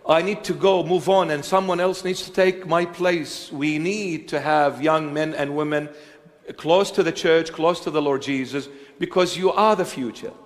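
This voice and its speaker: A man preaching and answering questions before a congregation, halting with many fillers and joking now and then. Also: on the high side, fairly even intonation. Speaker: church bishop preaching. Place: church hall with congregation. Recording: long reverb of a large hall.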